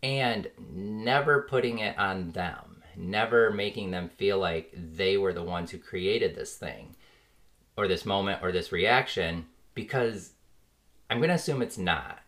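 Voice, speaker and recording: A man's voice: deep voice, measured pace, a bit bright. A man, likely in his thirties, talking casually and earnestly as a podcast host, full of "like" fillers and small chuckles. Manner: rambling, frequent "like" fillers, earnest; chuckles now and then while talking. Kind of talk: casual reflective monologue.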